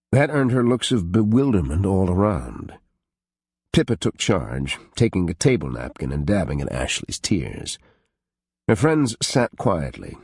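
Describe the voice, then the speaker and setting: Husky male audiobook narrator. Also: rumbling low, dry recording, clean studio sound. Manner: expressive, voices each character. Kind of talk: scripted narration.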